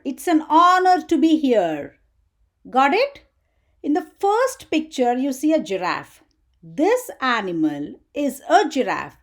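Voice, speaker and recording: A woman teaching an English grammar lesson for children, asking the viewer questions as she goes. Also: high voice. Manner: slow, sing-song teaching voice with questions to the viewer.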